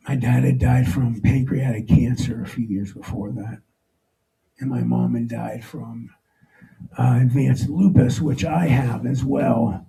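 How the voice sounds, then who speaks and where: A middle-aged man telling his own story on stage to a live audience, emotional and halting, often restarting his sentences. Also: mid-range voice, creaky, warm tone, poor audio.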